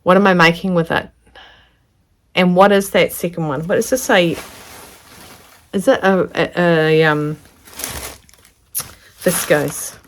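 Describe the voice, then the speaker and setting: A woman, chatting casually to camera as she unboxes a gift of fabric, gushing and sometimes dropping into soft whispers. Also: lowish voice, slow pace, pauses often, slight background noise. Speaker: sewing vlogger.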